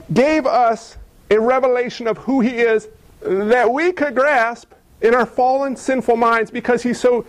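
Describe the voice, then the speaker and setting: High-voiced animated male preacher. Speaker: pastor. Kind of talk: sermon.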